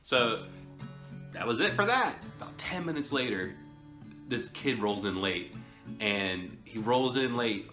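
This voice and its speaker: A man's voice: medium pitch, animated, measured pace, pauses often, pushed and bright. A man telling a story in a casual, rambling way, often chuckling. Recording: roomy echo, faint music.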